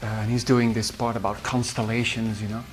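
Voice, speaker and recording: A man with a Dutch accent, a musician recalling studio sessions in a halting way with many fillers. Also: lowish voice, little pitch movement, faint music behind. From Netherlands. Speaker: musician and producer. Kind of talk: behind-the-scenes recollection.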